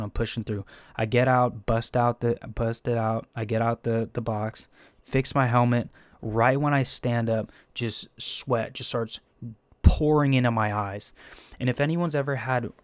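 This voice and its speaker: A young man telling a casual, profane story about taking a firefighter test, rambling and animated with frequent restarts. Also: mid-range voice, unhurried, no echo. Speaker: firefighter candidate.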